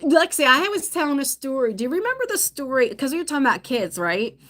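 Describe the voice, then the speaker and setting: A woman's voice: high voice, sing-song, quick pace, pushed and bright. Chatty middle-aged woman on a phone stream. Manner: chatty storyteller with many restarts. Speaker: vlogger. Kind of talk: casual live-stream chat.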